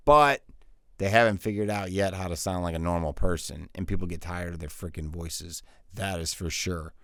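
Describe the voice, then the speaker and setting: A man's voice: low voice, fairly bright tone, dry recording, studio quality. A male voiceover coach giving a casual online tutorial, upbeat and slangy, joking as he talks straight to the viewer.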